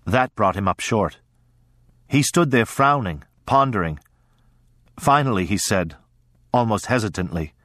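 A man narrating a first-person story in a measured, even storytelling voice. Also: lowish voice, no echo, studio quality. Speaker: audiobook narrator. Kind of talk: scripted narration.

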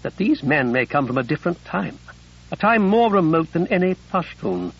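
A man's voice: fairly high pitch, very animated, normal speed, slightly rough, lo-fi sound, full character voice. A man doing a dry-witted observer. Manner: dry, wry remarks.

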